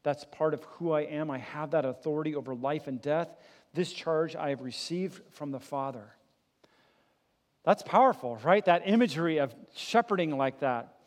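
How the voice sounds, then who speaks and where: Pastor guy preaching, kinda high voice, gets loud then goes quiet, asks the crowd stuff. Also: normal speed. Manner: swells louder and higher for emphasis, then drops low and soft; conversational preaching with rhetorical questions. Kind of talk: sermon.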